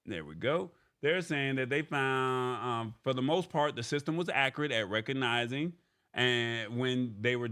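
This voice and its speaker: A man's voice: mid-range voice, fairly bright tone. A man hosting a live tech show, reading from an article and paraphrasing it in casual chat, tagging his points with "all right?". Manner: chatty, repeats "all right?" often.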